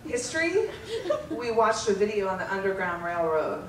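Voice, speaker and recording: A woman reading her teenage diary aloud at a live stage show, deadpan and often breaking into laughter. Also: on the high side, unhurried, far from the mic, a little hiss or hum. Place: theater stage before a laughing audience. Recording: roomy live theater recording with loud audience.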